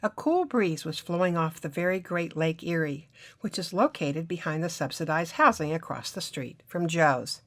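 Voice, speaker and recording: A woman reading her own novel aloud, telling a first-person story in a wry, lively way. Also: deep voice, moderate pace.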